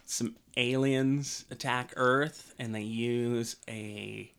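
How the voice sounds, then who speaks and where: A man's voice: medium pitch, steady tone, drawn-out words, vocal fry, a bit bright, clear, resonant tone. A man co-hosting a podcast, chatting casually and rambling with many hesitant ums. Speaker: podcast co-host. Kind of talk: casual chat.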